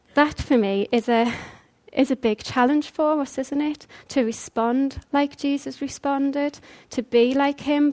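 A woman's voice: high-pitched, darkish tone. A woman preaching a conversational sermon, earnest and full of rhetorical questions.

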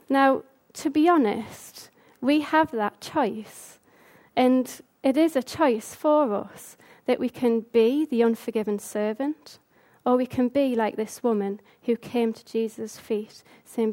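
A woman delivering an informal sermon in a chatty, brisk manner. Her voice sits slightly high, and she stumbles and restarts now and then as she speaks. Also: mellow. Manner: brisk, conversational, with fillers. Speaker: speaker giving a talk.

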